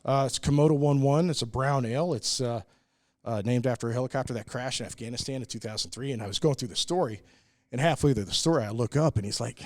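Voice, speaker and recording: A man's voice: mid-range voice, fast talker, a little mellow, no echo, studio quality. A middle-aged American man, a brewery owner, telling stories in a casual interview, earnest and full of "uh"s. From United States. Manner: earnest, many "uh"s, acts out quoted people. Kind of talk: casual storytelling in a podcast interview.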